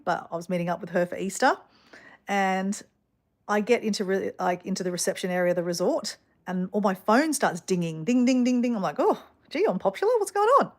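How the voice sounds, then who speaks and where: Middle-aged Australian woman, casual vlogger, rambling storyteller, slightly low voice. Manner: chatty, rambling, lots of fillers and asides.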